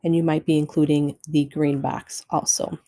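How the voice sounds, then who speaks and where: A woman records a classroom lesson for her students, walking them through each step and repeating instructions so nobody falls behind. Her voice sits a little low and sounds mellow and relaxed rather than bright. She speaks in an instructional way throughout. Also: normal speed, slight background noise, poor audio. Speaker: Spanish teacher. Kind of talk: recorded screen-share lesson.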